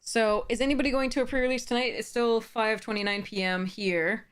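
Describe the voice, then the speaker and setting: A woman with a high, steady, clean-toned voice talks a little fast during a casual live stream. She drafts cards, thinking aloud about her picks, chats with viewers, and greets them warmly, though she sounds slightly tired.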